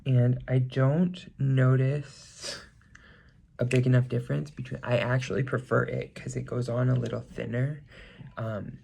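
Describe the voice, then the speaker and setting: Chatty young man with a gravelly voice. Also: medium pitch, little pitch movement, unhurried, warm tone. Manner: chatty, rambling, self-correcting. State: slightly stuffy nose. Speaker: makeup vlogger. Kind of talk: casual get-ready-with-me chat.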